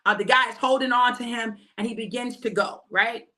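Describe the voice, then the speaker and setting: A woman minister giving a fervent, repetitive exhortation, often shouting, with chatty asides in between. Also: on the high side, a little fast.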